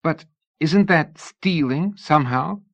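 A man's voice: a little high, slow, fairly bright tone, dull audio, voice pushed up, exaggerated voice. A man reading the lines of an anxious young woman who pleads and questions. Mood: pleading.

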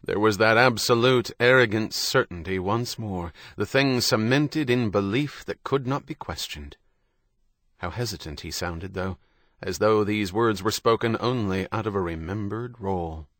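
A man with a lowish voice narrates a novel for an audiobook, his scripted storytelling even and measured. The sound is dry and clean, studio-quality.

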